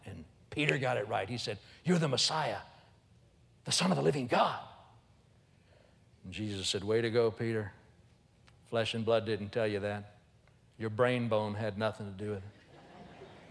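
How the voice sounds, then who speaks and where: A man's voice: medium pitch, long reverb tail. A man preaching a humorous storytelling sermon, acting out the voices of the people in his story. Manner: animated, humorous, acts out voices. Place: church.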